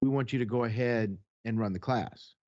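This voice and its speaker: A man's voice: medium pitch, moderate pace, a little mellow, highs cut off. A man co-hosting a podcast, telling a long personal story in casual chat, acting out the exchanges, blunt and profane. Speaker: podcast co-host.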